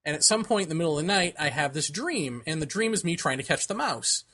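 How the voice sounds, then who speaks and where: A man's voice: on the high side, big pitch swings, fast, sharp tone. A man co-hosting a podcast, telling a long personal story in casual chat, laughing often and acting out the voices of the people he quotes. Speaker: podcast co-host.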